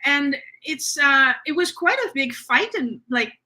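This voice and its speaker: A woman's voice: high voice, animated, unhurried, bright, forceful tone. A woman hosting a spiritual podcast, talking in an earnest, reassuring way with frequent fillers. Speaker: podcast host. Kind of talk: casual spiritual conversation.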